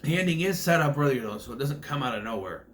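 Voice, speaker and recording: A man's voice: mid-range voice, lively intonation, fast talker. Rambling man reviewing a film. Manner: rambling, filler-heavy, self-correcting. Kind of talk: casual film commentary.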